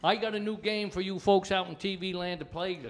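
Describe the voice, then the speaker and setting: A man's voice: high-pitched, steady tone, a little fast. Rambling folksy male comedy host. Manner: rambling, folksy, loses his thread. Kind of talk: casual stage banter. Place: studio stage with live audience.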